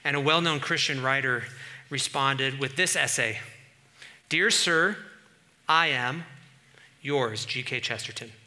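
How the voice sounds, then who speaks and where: A middle-aged man preaching a sermon as pastor, animated, swinging from quiet asides to loud bursts. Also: medium pitch, slow, pauses often, a little hiss or hum.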